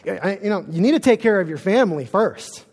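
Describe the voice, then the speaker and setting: Man, pastor, sermon, earnest storyteller, high voice, echoey church hall. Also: expressive, fast, darkish tone, breathy edge.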